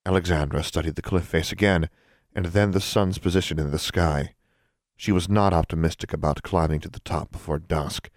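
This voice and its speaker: A man narrating an audiobook in a steady, even storytelling voice. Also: deep voice, moderate pace, no room sound, clean studio sound.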